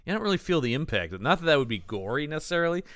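Male podcast co-host, lively animated delivery, close dry mic, casual movie chat. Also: on the high side, racing, no room sound. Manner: animated, emphatic, acts out quotes.

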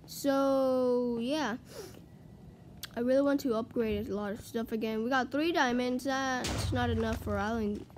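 Woman narrating her game as she plays, kinda high voice, flustered and rambly, little bit of hiss. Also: fairly even intonation, unhurried. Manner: chatty, easily flustered, swings into frantic panic. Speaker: gaming video creator. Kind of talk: live gameplay commentary.

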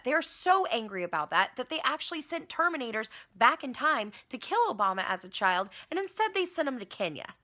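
A woman performing a satirical monologue in a sardonic, profane manner with sudden shouts. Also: fairly high pitch, lively intonation, brisk, few pauses.

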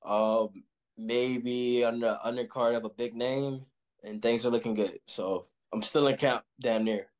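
A young man from Los Angeles talks as a boxing guest, relaxed and full of slang. His voice sits in an ordinary middle register. The recording sounds dull and lo-fi. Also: medium pitch, a little slow. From Los Angeles, USA. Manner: laid-back, slangy, rambling. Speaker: pro boxer guest. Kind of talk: casual interview chat. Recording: muffled lo-fi sound.

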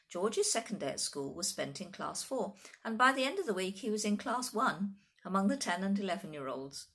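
A woman reading a children's story aloud in an expressive, animated storytelling manner. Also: medium pitch, moderate pace, hardly any pauses.

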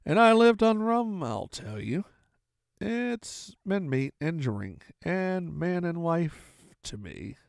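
A feeble old sea captain , as a man reads him aloud, drawls in slow, gruff sailor talk and pleads for drink. The gravelly voice rolls up and down. The sound is dry and close. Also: fairly high pitch, very animated, no room sound, exaggerated voice. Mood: grumbling. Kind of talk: audiobook reading.

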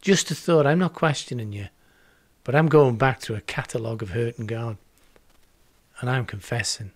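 A man's voice: medium pitch, normal speed, no room sound. A man in his sixties preaching a home video sermon, earnest and reflective, repeating words for emphasis. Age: 60s. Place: home setup with green screen.

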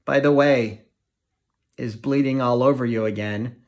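A man with a mid-range voice reads an audiobook at a measured pace, his intonation fairly even and his acting light. He voices a distraught middle-aged mother, a fretful, thrifty small-town woman who is anxious, emotional and given to dramatics.

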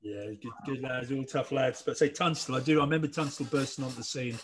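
A man's voice: medium pitch, quick pace, a little hiss or hum. A man hosting a podcast interview, chatting casually and offering short encouraging replies. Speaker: podcast host.

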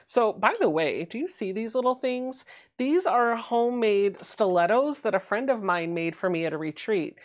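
A chatty woman hosts a live sewing stream and walks viewers through each step as she works. Her voice sits at a middle pitch and stays easygoing. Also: expressive, normal speed. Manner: chatty, explains as she goes. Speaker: livestream host. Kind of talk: casual chat while sewing.

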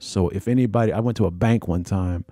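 A man hosting a podcast, recounting his own experiences in a halting, repetitive, earnest monologue. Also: fairly low pitch, warm tone, no echo, clean studio sound. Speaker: podcast host. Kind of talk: personal storytelling monologue.

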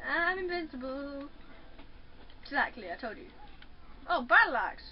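A woman giving excitable let's play commentary while playing a fighting game, chattering, yelping and taunting. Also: high voice, unhurried, soft background music. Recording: muffled lo-fi with faint hiss.

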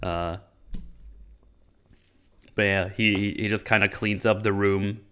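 A man's voice: fairly low pitch, steady tone, slow pace, sharp tone, clear, resonant tone. Chatty man recapping a film. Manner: rambling, laughing, acting out characters' lines. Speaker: channel host reviewing a movie. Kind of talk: casual movie recap and commentary.

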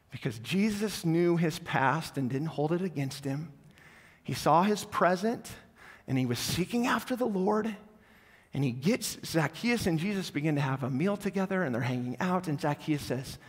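A male pastor giving a sermon, telling a story in an animated way that swings from loud to hushed. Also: a little high, normal speed. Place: church sanctuary. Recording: long church reverb.

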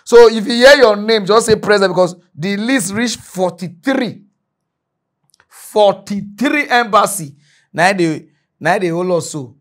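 A Nigerian man hosts a satirical mock news rant in a high, bright-sitting voice. He talks animatedly, jumping from loud bursts down to low muttered asides. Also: measured pace.

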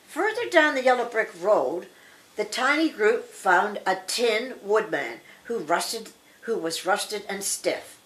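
Grandmotherly woman reading aloud. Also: medium pitch. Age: older. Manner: slow, expressive read-aloud for children. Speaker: storybook reader. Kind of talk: reading a picture book aloud.

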